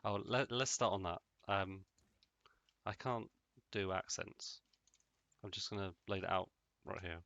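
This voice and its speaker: Let's-play host, man, low voice with a bright edge, rambling and deadpan. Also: a little slow, vocal fry, pauses often, no room sound, dull audio. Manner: rambling, jokey, deadpan asides. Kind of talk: casual gameplay commentary.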